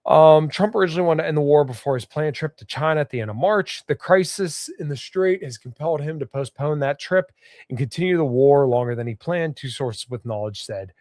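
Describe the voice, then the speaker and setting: A man hosting a podcast, reading news articles aloud and adding casual commentary, with a stuffed-up nose and a halting delivery full of fillers and restarts. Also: fairly high pitch, darkish tone, no echo, studio quality. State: stuffed up, sniffling. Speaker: podcast host.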